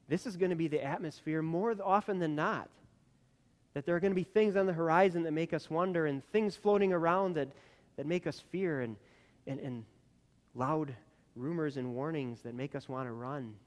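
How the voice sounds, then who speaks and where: A man preaching a sermon as a pastor, earnest, climbing to emphatic peaks and then dropping soft. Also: a little high.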